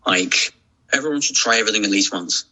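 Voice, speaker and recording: A man's voice: fairly low pitch, fast, sharp tone, rough recording. A man, a podcast guest talking casually and reflectively, with many restarts and fillers. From England. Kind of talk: casual chat.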